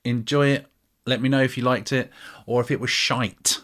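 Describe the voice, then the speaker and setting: A man's voice: mid-range voice, steady tone, moderate pace, fairly bright tone. A British man chatting casually to camera as a music vlogger, rambling and self-mocking, with many ums.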